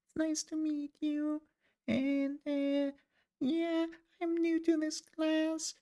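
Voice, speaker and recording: A man's voice: very high voice, completely flat delivery, takes it slowly, mellow, voice pushed up. A man voicing a shy, sweet anime schoolgirl who is new in class.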